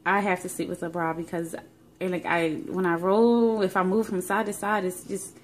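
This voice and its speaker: A woman's voice: on the low side, level tone, moderate pace, a little hiss or hum. A young woman telling a rambling, emotional story in a casual pregnancy vlog, recorded on her phone. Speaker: vlogger.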